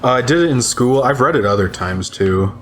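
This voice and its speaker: A man's voice: medium pitch, animated, a little fast, a bit bright, soft background music. A man hosting a gaming channel, reading creepy stories dramatically and breaking off for playful, laughing asides. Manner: laughs often, playful banter between readings.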